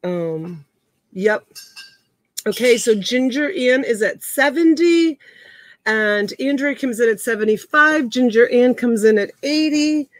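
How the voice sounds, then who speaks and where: A woman in her fifties runs a live online auction from home, calling out bids and chatting with viewers by name in a casual stream. Her voice is a little high and slow, with no echo.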